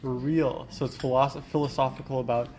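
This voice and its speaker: A man's voice: medium pitch, flat delivery, brisk, darkish tone. A young man hosting a casual podcast in a Korean restaurant, rambling with many fillers. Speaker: podcast host. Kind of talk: casual chat. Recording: busy restaurant chatter behind.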